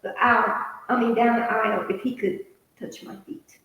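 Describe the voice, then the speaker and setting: High-voiced woman telling a story in echoey reverb. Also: moderate pace, vocal fry. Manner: animated, laughing storyteller. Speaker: co-host. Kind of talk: casual storytelling chat. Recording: heavy echoing hall-like reverb.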